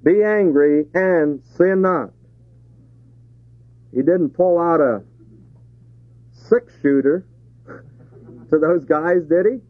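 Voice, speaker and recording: A man's voice: on the high side, very slow, long pauses, no echo. A man preaching a sermon to a congregation, asking rhetorical questions and chuckling between points. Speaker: pastor. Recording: tinny phone-like 1970s tape.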